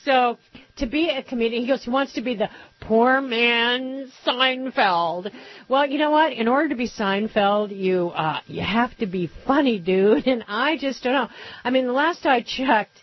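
A woman's voice: on the high side, slightly rough, no echo, highs cut off. Sarcastic woman talk radio host. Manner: sarcastic, rapid-fire, mocking asides. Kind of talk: political talk radio monologue.

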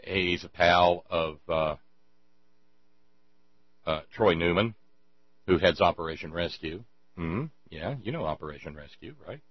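A man's voice: sits low, a little slow, pauses often, slightly rough, no echo, lo-fi sound. A man hosting a show, rambling sarcastically in casual commentary, stumbling over restarts.

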